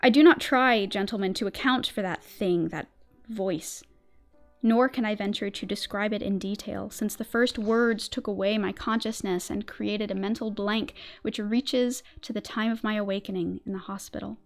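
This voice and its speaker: A woman streamer reads a horror tale aloud in a theatrical, tense narrating voice. Her pitch sits in the middle range, and the volume swells at the grim moments. Faint music plays under her reading. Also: fairly even intonation, normal speed. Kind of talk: dramatic reading of a horror story.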